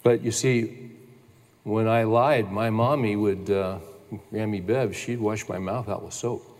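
A man's voice: on the low side, fairly even intonation, darkish tone. Older male pastor preaching in reverb. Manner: emphatic, slow repeated declarations. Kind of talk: storytelling sermon. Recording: long church-hall reverb.

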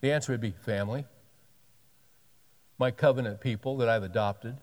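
A man in his sixties delivers a sermon in a relaxed, folksy way. He reads scripture with rising emphasis and drops in wry, joking asides. His voice carries a long reverb, as if he is filling a large hall. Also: medium pitch, normal speed. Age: 60s. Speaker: pastor.

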